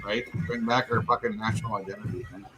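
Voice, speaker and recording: A man's voice: lowish voice, flat delivery, fast talker, over music. A middle-aged man from Canada, co-hosting a podcast in casual talk, who rants heatedly and swears constantly. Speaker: podcast co-host. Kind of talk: casual profane rant.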